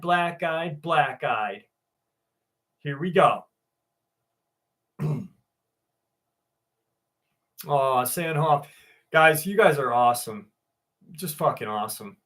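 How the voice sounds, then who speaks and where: A man's voice: mid-range voice, animated, slow pace, pauses often, bright, forceful tone. A man hosting a casual live stream, joking and swearing as he greets viewers by name and reads a story aloud.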